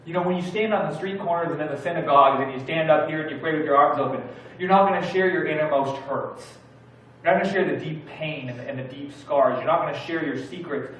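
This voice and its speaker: A man preaching a sermon in a church, telling stories in a relaxed, conversational way. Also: on the high side, fast talker. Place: church sanctuary. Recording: very echoey church hall from far off.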